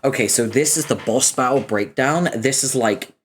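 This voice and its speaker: A woman's voice: very deep voice, moderate pace, slight background noise. A woman reading a comic aloud, voicing its characters and adding casual commentary between lines. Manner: animated, switches between character voices. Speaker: reader of a webcomic.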